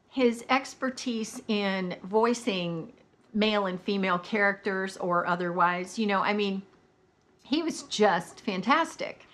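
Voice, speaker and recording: An American woman in her twenties or thirties, chatting candidly in a casual video review of audiobooks. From United States. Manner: chatty, candid, animated pitch swings.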